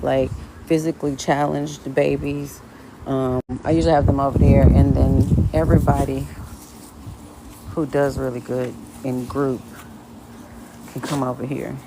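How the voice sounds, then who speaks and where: A woman who runs a dog rescue, chatting casually on a live stream in her backyard, switching between high baby talk to the dogs and a relaxed tone for viewers. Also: creaky, background noise. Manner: drops to a low, relaxed tone when explaining to viewers. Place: outdoor backyard. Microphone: phone.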